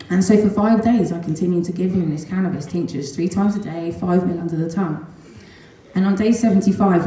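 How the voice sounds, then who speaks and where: Middle-aged mum, earnest testimonial talk, lowish mellow voice, very echoey room. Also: female voice. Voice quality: earnest, animated, with frequent ums and nervous laughs. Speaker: mother giving a testimonial. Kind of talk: emotional personal storytelling talk.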